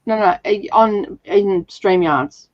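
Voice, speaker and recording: Nursing a sore throat and a slightly rough voice, the host of a livestream reading sprint takes it slowly, chatting casually and often laughing. Her voice is mid-range, and the audio is dull with no echo.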